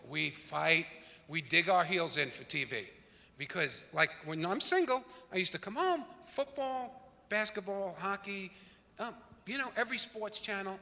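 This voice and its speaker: A man doing a brash, rapid-fire stand-up comedy routine on a theater stage. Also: on the high side, pushed and bright. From New York, the Bronx. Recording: live theater reverb, faint room noise.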